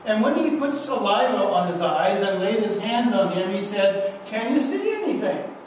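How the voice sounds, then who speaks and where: A man preaching a sermon as pastor, building slow, emphatic repeated refrains. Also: high-pitched, a little hiss or hum. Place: church sanctuary. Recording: echoey church from a distance.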